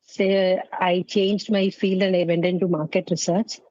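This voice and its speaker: A woman from southern India in her fifties, with an Indian English accent, chatting as a Hindi teacher, friendly and measured, laughing often. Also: on the low side, level tone, warm tone, no room sound. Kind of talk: casual conversation. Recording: dry, dull lo-fi call audio.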